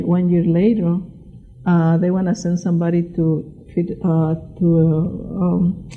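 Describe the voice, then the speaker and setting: An older woman, a former farm worker, recalls her union days in halting English full of fillers and restarts. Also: fairly low pitch. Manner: halting, non-native grammar, many fillers and restarts. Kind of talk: personal oral history storytelling. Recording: tinny phone-like recording.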